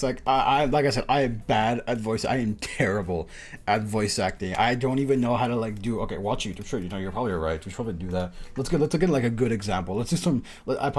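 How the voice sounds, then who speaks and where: A man streaming live in casual chat, rambling and self-deprecating, laughing often. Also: mid-range voice.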